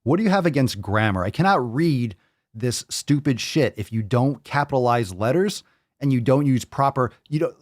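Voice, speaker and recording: Male host, mocking live-stream rant, swears a lot, very animated pitch, dry close sound. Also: moderate pace, dry recording. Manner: sarcastic, profane, mocking. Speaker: podcast host.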